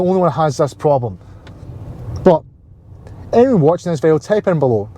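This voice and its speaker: A man's voice: fairly high pitch, big pitch swings, a little fast, mellow. A man with a Scottish accent in a casual car vlog to camera, talking in chatty, jokey rants while driving and visiting a dealership. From Scotland. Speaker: car vlogger.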